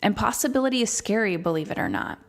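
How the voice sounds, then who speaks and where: A woman's voice: mid-range voice, lively intonation, fast talker, gravelly. A woman hosting a solo podcast as a coach, speaking candidly and emphatically and swearing freely.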